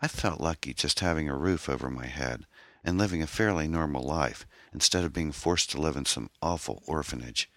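A man voicing a troubled young woman, an orphan who talks in a hesitant, halting, pained way. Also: rumbling low, fairly bright tone, no echo, clean studio sound. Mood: guarded, pained.

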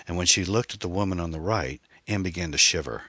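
A man giving scripted audiobook narration of a thriller in a steady, suspenseful reading. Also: low-pitched, fast talker, slightly rough, no echo.

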